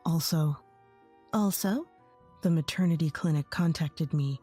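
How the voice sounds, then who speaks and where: Woman doing a low-voiced remorseful husband. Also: fairly even intonation, measured pace, dark tone, breathy edge, soft background music. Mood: serious. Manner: earnest, apologetic. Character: remorseful earnest young husband.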